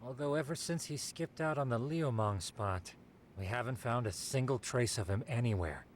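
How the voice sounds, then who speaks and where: A man's voice: mid-range voice, normal speed, lightly acted. Plain level-voiced detective in a game, played by a man, faint noise behind. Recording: game audio heard faintly.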